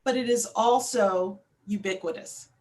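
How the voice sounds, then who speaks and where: A woman's voice: mid-range voice, unhurried, darkish tone. A middle-aged woman telling a personal story in a panel talk, with frequent fillers and restarts.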